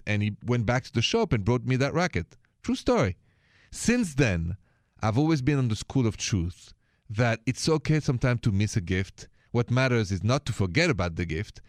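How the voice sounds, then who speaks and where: A middle-aged man from France with a thick Parisian accent hosts a radio advice show, chatty and playful, slipping French words into his speech. His mid-range voice swings widely in pitch at a fairly quick pace, captured in clean studio sound with no echo.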